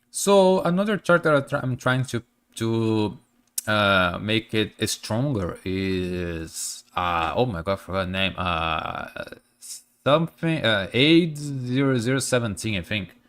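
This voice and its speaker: A male streamer chats to his viewers in English, which is not his first language, with a blocked, stuffy nose. His pitch swings up and down a lot, and he keeps restarting sentences with fillers. His voice sits at a middling pitch for a man. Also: a bit bright, clean tone. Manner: chatty with many restarts and fillers. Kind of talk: casual stream chat.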